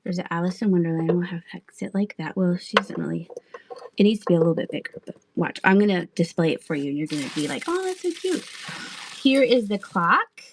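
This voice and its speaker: Talking quickly in a lowish voice against a noisy background, a woman in her thirties sells items on a live stream. She chats casually with her viewers and laughs frequently.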